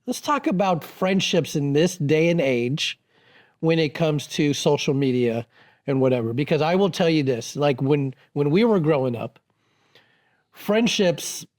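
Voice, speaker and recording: A middle-aged man co-hosting a podcast in a relaxed, chatty way. He steers the talk and asks questions. His voice sits slightly high for a man. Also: measured pace. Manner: easygoing, chatty interviewer. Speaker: podcast co-host. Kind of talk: casual chat.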